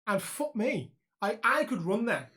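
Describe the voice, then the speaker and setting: Speaking unhurriedly in a high voice, a young man co-hosts a casual podcast chat. He's a lively storyteller who laughs frequently and swears without restraint.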